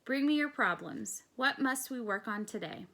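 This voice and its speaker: A woman's voice: on the high side, expressive, normal speed, pushed and bright, voice pushed up. A woman reading the part of a proud, stubborn male Roman ruler in a firm, commanding way.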